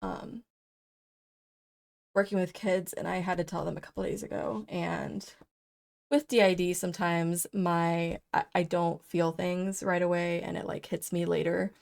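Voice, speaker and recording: A woman's voice: lowish voice, little pitch movement, a little slow, creaky, a little mellow. A young woman talking in an unedited personal vlog, rambling with lots of fillers and growing tearful as she speaks. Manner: rambling, filler-heavy, openly emotional. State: tearful, crying. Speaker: vlogger.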